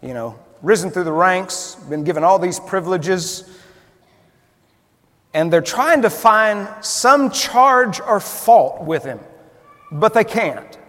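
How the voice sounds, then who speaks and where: A man's voice: high-pitched, lively intonation, takes it slowly, fairly bright tone, big-room sound. A man preaching a sermon in a conversational way, asking his listeners questions.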